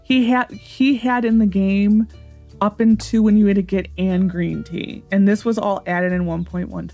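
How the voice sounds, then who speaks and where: A woman's voice: medium pitch, steady tone, moderate pace, warm tone, soft background music. A woman hosting a gaming channel, chatting casually and thinking aloud as she plays. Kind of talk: casual let's-play commentary.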